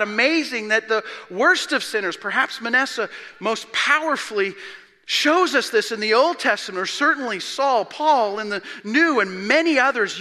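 A high, very bright male voice preaching in a church sanctuary with a long reverb tail. He moves from emphatic, rising proclamations to quiet, low-pitched asides. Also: lively intonation, normal speed. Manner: emphatic, swings from loud declarations to hushed low asides. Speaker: pastor. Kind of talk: expository sermon.

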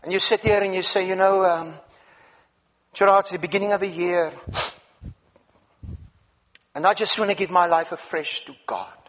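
A male preacher telling a Bible story in a sermon, with dramatic swings between loud and hushed delivery. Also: high voice, steady tone, normal speed, pauses often. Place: church. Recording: reverberant church hall.

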